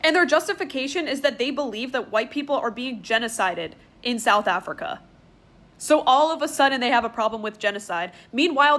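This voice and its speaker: A woman's voice: sits high, bright, forceful tone. A woman ranting in an exasperated, sarcastic way, swearing as she vents. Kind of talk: angry rant clip.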